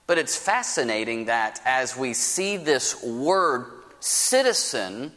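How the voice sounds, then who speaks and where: A man preaching a sermon as pastor, with a lively storytelling manner and folksy asides. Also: high voice. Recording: preached in a reverberant hall.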